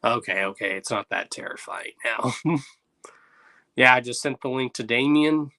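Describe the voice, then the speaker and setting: A man's voice: medium pitch, normal speed, pushed and bright. A man hosting a livestream, chatting loosely and reacting to viewers' messages. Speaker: livestream host. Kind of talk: casual livestream chat.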